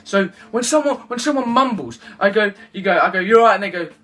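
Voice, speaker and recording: A young man, ranting loudly and excitably to the camera in a gaming vlog. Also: sits high, fairly quick. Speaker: YouTuber.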